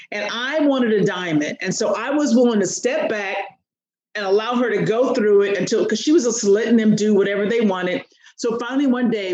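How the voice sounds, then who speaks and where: A woman coach, a podcast guest, telling a story expressively and acting out the quotes. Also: dull audio. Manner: expressive, acts out quotes with big pitch swings. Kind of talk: animated storytelling in an interview. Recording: roomy echo.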